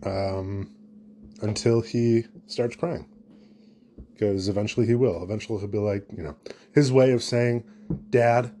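A man's voice: fairly low pitch, darkish tone. A young man, a new father, hosting a solo comedy podcast in a rambling, jokey, self-deprecating way. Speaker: podcast host.

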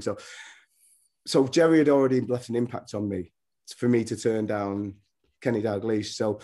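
In a fairly low, mellow voice at normal speed, pausing often, a middle-aged ex-footballer and coach chats casually as a podcast guest. His stories wander, with many restarts.

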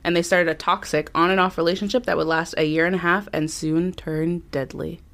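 A woman with a lowish, slightly bright voice talks fast in a steady tone. Co-hosting a podcast, she reads a true crime story from her notes in a chatty manner, frequently saying um.

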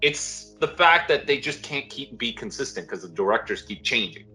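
A man's voice: medium pitch, big pitch swings, moderate pace, sharp tone, soft background music. A man co-hosting a podcast in casual chat, rambling and emphatic with some casual swearing. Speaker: podcast co-host.

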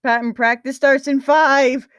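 A woman voicing a brisk sports coach who calls out orders. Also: high-pitched, steady tone, a bit bright, no room sound, studio quality, pitched above the performer's own voice. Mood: commanding. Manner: calling out orders.

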